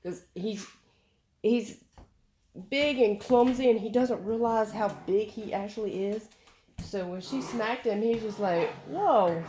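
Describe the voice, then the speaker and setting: A woman's voice: medium pitch, steady tone, unhurried, dark tone, slight background noise. A woman dog trainer chatting casually at home among her dogs, rambling in a folksy way and talking fondly to her pets.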